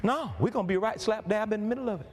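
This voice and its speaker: A man preaching a sermon, fervent and building up to shouts. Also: high-pitched, rapid-fire, a little hiss or hum. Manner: fervent, building to shouts, calls and responses with the congregation.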